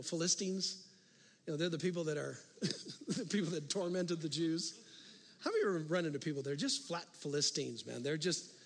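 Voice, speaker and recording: A male pastor preaching a sermon, telling a story with animated swings from loud to hushed. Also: a little high. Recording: long reverb of a large hall.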